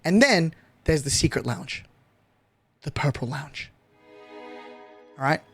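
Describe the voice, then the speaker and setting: A young man streaming a storytime recap, excitable and swearing casually with frequent laughs. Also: fairly high pitch, slow, vocal fry, slightly rough, soft background music. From Australia.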